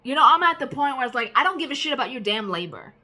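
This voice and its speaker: A tired woman with a drawl vents in a casual rant, her voice high and bright. She rambles and trails off softly, then turns heated and swears freely. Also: sing-song, fast. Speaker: vlogger.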